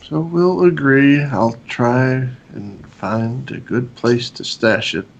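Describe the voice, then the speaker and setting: A man's voice: mid-range voice, slow, vocal fry, dull audio. A man playing a tabletop game, chatting casually and rambling as he describes his character. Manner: rambling, lively storytelling with frequent fillers. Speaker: player.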